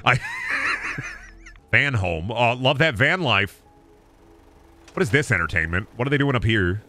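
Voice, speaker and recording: A man's voice: medium pitch, lively intonation, a little slow, pushed and bright, faint music behind. A man in his thirties streaming a game, rambling and joking with lots of swearing. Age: 30s. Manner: rambling, profane, jokey. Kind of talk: casual gaming commentary.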